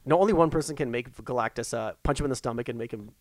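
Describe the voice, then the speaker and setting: A man's voice: mid-range voice, very fast, darkish tone, dry recording. A man in casual chat, rambling eagerly with many restarts.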